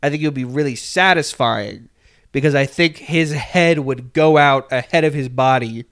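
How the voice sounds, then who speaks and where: A young man co-hosting a comedy podcast, telling absurd stories in a rambling, deadpan way. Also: mid-range voice, moderate pace. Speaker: podcast co-host. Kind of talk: casual comedic podcast chat.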